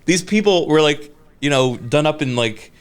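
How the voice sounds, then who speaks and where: A man's voice: fairly high pitch, expressive, moderate pace, clean tone. A man in his thirties co-hosting a podcast, telling a story casually with many fillers and restarts. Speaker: podcast co-host. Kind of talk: casual chat.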